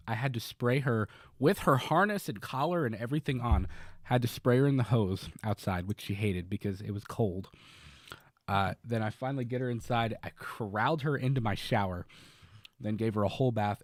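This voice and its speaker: A man's voice: on the low side, moderate pace, dry recording, clean studio sound. A man co-hosting a podcast, telling a long story in casual chat, rambling with many fillers and restarts. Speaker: podcast co-host.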